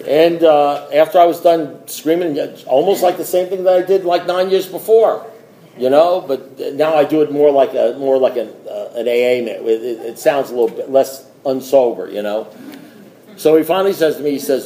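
A man's voice: mid-range voice, a little fast, mellow, reverberant, slight background noise, poor audio. A middle-aged man giving a personal recovery testimony at a meeting, telling stories and acting out dialogue, laughing often.

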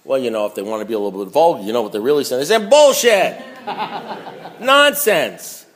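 A man's voice: animated, rapid-fire. A man giving a blunt, emphatic talk at a recovery meeting, reading from a book and repeating himself for emphasis. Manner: swings between low asides and loud preaching.

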